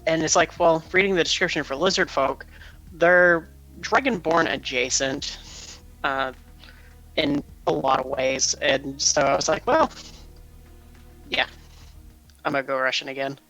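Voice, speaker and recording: Bright, slightly high male guest. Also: a little slow, long pauses, soft background music, low-quality recording. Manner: self-deprecating, explanatory. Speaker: guest player. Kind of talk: casual podcast chat.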